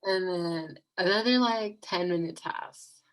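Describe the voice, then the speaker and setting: A young woman vlogger drifts slowly through a rambling, giggly storytime on a video call, using "like" again and again. She has a lowish voice, and the recording is of poor quality.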